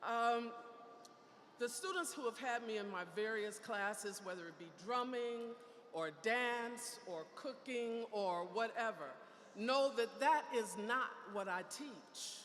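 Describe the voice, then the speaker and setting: A woman's voice: fairly high pitch, animated, slow pace, a bit bright. An older woman and great-grandmother giving a playful commencement speech, calling out to the audience in a large hall. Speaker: commencement speaker. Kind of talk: ceremony speech. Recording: echoey hall, faint room noise.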